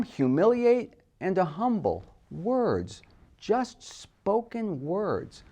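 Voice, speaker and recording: Tv host guy, kinda high voice, swings up and down a lot, punchy scripted talk about words. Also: a little mellow. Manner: emphatic, playful with words. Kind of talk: scripted commentary.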